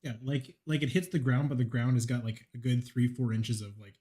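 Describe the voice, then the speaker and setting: Male game master, mid pitch, easygoing narration full of ums; live tabletop stream. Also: fairly quick, warm tone. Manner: casual, hesitant with many ums and likes.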